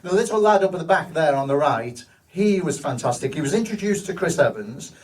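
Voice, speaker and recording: A man's voice: a little high, lively intonation, fairly quick, darkish tone, distant mic, low-quality recording. Enthusiastic man telling stories. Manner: enthusiastic, rambling. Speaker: hospital cinema manager. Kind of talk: storytelling in a live stage interview. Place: live show venue.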